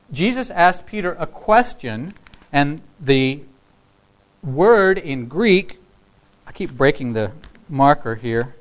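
A man giving a sermon to his congregation in a relaxed, conversational way, breaking into the voices of the people in his text. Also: on the high side, measured pace, poor audio. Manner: conversational, acts out quoted dialogue. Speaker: pastor.

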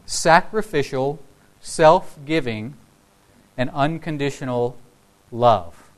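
A man giving a sermon to his congregation in a relaxed, conversational way, breaking into the voices of the people in his text. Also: medium pitch, takes it slowly, poor audio. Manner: conversational, acts out quoted dialogue. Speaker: pastor.

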